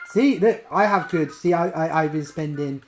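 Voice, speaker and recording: A woman streaming a video game as a VTuber, chatting in a rambling way and breaking into sudden loud exclamations. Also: low voice, normal speed, soft background music, low-quality recording. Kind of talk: casual live-stream chat while gaming.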